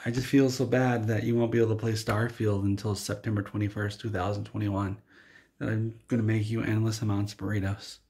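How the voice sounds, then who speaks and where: A man's voice: lowish voice, level tone, fairly quick, darkish tone, lightly acted. A man voicing an adult male games executive who is sorry and close to tears, in a comic story. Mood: tearful.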